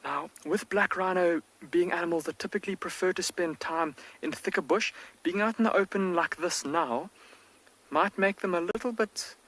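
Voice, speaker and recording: A man working as a field guide, giving hushed, excited live wildlife commentary outdoors from a safari vehicle, with the mic close to his face. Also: sits high, normal speed, low-quality recording. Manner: hushed, near-whispered, excited.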